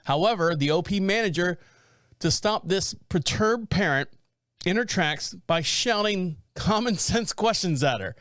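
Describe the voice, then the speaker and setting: A man's voice: high-pitched, expressive, measured pace, a bit bright, dry recording, studio quality. A man hosting a podcast, reading out a story in a casual, rambling, blunt way with joking asides. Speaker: podcast host.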